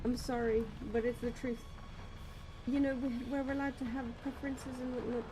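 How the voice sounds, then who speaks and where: A young woman streaming a horror game, rambling nervously to herself and quickly tipping into panic. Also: sits high, level tone, noisy background. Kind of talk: gaming stream commentary.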